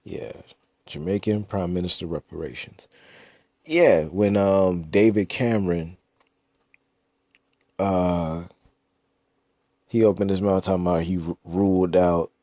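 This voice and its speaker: Young male podcast host, very low pitch, dry close sound, blunt slangy delivery with profanity. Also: warm tone, no room sound. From United States. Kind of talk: casual monologue.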